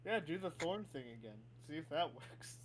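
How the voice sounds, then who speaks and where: Man, tabletop player, slightly high, animated pitch, quiet offhand banter. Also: normal speed, breathy edge. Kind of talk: casual tabletop game banter.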